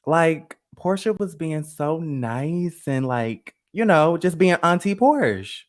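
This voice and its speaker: A man's voice: on the high side, lively intonation, takes it slowly. A man hosting a live gossip stream, chatty and sassy, talking straight to his chat. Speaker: host of a live gossip show. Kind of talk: casual live-stream commentary.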